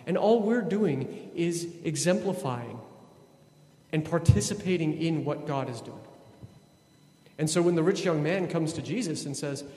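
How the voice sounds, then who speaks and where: A man giving a sermon as a priest, animated and conversational, often acting out voices. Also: on the high side, unhurried. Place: church. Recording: echoey church with long reverb.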